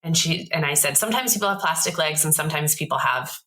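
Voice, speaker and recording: Brief: thirties woman, podcast guest, low pitch, crisp forceful tone, lively storyteller. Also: fast, rough recording. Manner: animated storyteller, acts out quoted voices. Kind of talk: casual storytelling interview.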